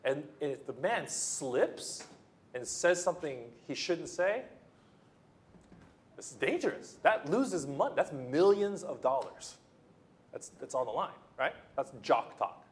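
A male pastor delivers a sermon in an easy, conversational manner. His voice sits a little high for a man, and he often restarts his phrases and drifts into playful asides to the congregation. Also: very animated, measured pace.

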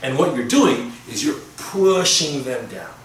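A man preaching a conversational sermon, pausing and restarting as he explains his points. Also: medium pitch, big pitch swings. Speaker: pastor. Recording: echoey room from far off.

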